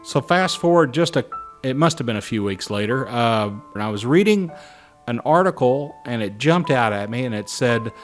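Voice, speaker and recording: A middle-aged man recalling his flying career in a lively anecdotal way, acting out the voices of people he quotes. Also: medium pitch, normal speed. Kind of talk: anecdotal storytelling. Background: soft guitar music.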